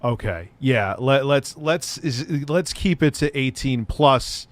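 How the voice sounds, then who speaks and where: A man co-hosting a heated online interview who speaks in a halting, hedging, uneasy way. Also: medium pitch, animated, no echo.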